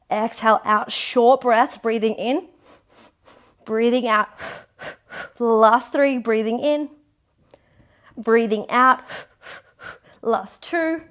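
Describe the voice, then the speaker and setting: A young woman leading a pilates workout, encouraging and counting down reps. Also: on the high side. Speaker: pilates instructor. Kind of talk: guided workout instruction.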